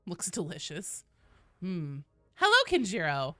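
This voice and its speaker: Woman game streamer, lively pitch, playful and profane, reads chat aloud. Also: unhurried, no echo. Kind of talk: casual live-stream chat while gaming.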